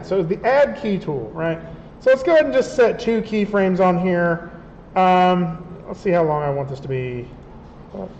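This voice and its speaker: A man instructor giving a conversational classroom software lecture, checking in with his students as he works. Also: high voice, slight background noise. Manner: conversational, checks in with "right?" often. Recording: roomy classroom, dull lo-fi sound.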